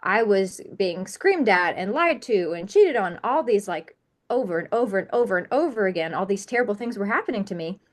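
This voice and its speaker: A woman's voice: mid-range voice, expressive, fairly quick. A woman talking as a podcast guest in a candid interview, earnest and emphatic, piling up repetitions.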